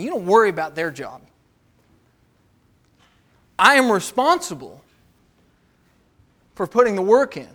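A man's voice: high voice, fairly bright tone. A man preaching a sermon as pastor, asking the congregation rhetorical questions and acting out the voices of the people he quotes.

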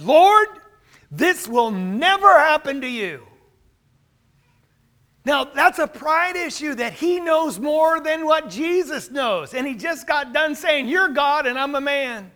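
A man's voice: high voice, pushed and bright. A man preaching a sermon, earnest, quoting scripture with rising emphasis. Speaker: pastor.

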